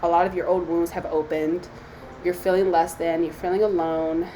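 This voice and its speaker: A woman's voice: fairly low pitch, little pitch movement, normal speed, dark tone, a little hiss or hum, low-quality recording. A young woman, a psychic medium, talking candidly to her phone camera, emotional and close to tears, swearing freely. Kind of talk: emotional self-talk vlog.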